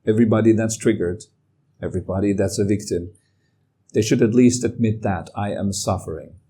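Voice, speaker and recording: A man giving a calm, reflective talk as a meditation teacher. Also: fairly low pitch, a little fast, breathy edge. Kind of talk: dharma talk.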